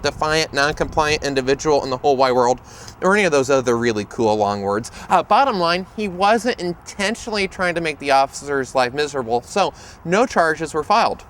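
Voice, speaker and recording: A man, an autism speaker and educator, tells stories in a humorous, lively way while presenting to camera outdoors. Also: on the high side, slight background noise.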